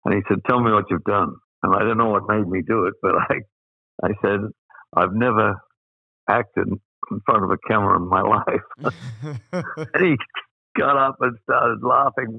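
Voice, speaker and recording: A man's voice: fairly low pitch, moderate pace, creaky, dry recording. A man in his eighties from Australia, a guest telling rambling anecdotes and chuckling through his own stories. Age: 80s. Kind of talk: anecdotal storytelling. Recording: tinny phone-like line, dry.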